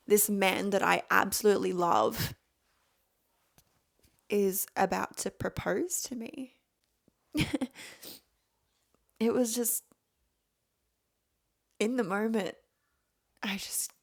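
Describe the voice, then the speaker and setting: A woman's voice: mid-range voice, creaky. A woman hosting a podcast, telling a personal story in a gushing, emotional way and laughing often. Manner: gushing, repeats words. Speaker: podcast host.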